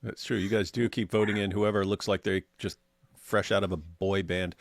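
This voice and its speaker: Reading the chat aloud, this livestream co-host answers viewers with animated, joking sarcasm. He has a low-pitched voice and speaks at a normal speed, recorded dry with clean studio audio.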